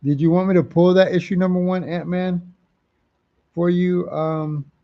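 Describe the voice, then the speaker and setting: A man's voice: high-pitched, level tone, moderate pace, muffled recording. A man hosting a live comic auction stream, chatting casually, repeating prices and titles and reading out viewer comments.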